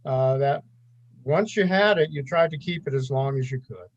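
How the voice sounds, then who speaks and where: A retired weather forecaster, an older man, telling unhurried stories about his old office in a casual podcast chat. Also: medium pitch, lo-fi sound. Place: home, remote call.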